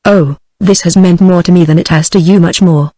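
A woman's voice: fairly low pitch, a little fast, no echo, natural voice. A British-accented text-to-speech woman's voice reading the lines of a wistful seventeen-year-old girl, with no change of voice. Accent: British English. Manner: flat synthetic delivery, no voice change.

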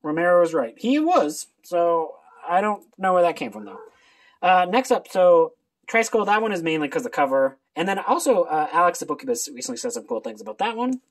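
A book video creator chatting casually through a reading list, talking in an animated way with many quick asides. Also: mid-range voice.

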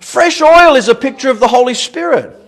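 High-pitched animated male pastor. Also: brisk. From Australia. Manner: animated, repeats words, laughs at his own stories. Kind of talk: sermon. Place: church.

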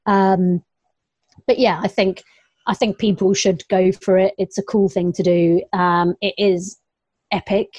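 A woman's voice: medium pitch, darkish tone, no room sound, lo-fi sound. A young adult woman, a long-distance runner, chatting casually in an interview, laughing often and quoting herself. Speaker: ultrarunner guest.

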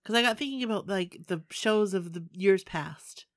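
A woman's voice: mid-range voice, normal speed, dry recording, clean studio sound. A woman co-hosting a fan podcast, chatting in an enthusiastic way full of fillers. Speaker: podcast co-host. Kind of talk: casual chat.

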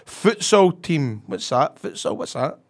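A man's voice: fairly high pitch, very animated, measured pace. A middle-aged Scottish man co-hosting a football podcast in casual chat, telling stories with laughs and swearing freely. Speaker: podcast co-host.

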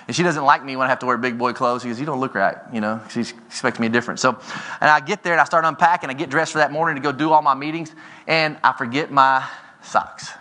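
A man in his forties giving a motivational keynote speech from a conference stage, telling stories with energy and often rising in pitch and volume. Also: quick pace, pushed and bright. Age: 40s. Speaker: keynote speaker. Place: conference stage before an audience.

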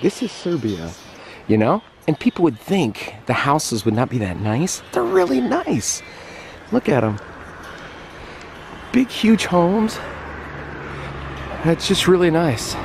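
A man in his forties from the United States, chatting casually and excitably as he walks and vlogs outdoors, out of breath on a climb. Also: a little high, slow, vocal fry, long pauses. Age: 40s. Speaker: travel vlogger. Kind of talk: casual walking vlog. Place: outdoors in a windy town and hillside. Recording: wind noise on outdoor mic.

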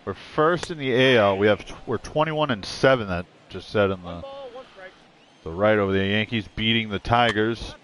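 A man's voice: lowish voice, moderate pace, a bit bright. Profane, rambling male game streamer. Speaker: gaming streamer. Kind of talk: casual let's-play commentary.

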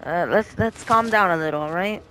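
A man's voice: high-pitched, brisk, pushed and bright, a little hiss or hum. Goofy man narrating game roleplay. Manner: goofy, laughing, apologetic. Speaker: gaming roleplay host.

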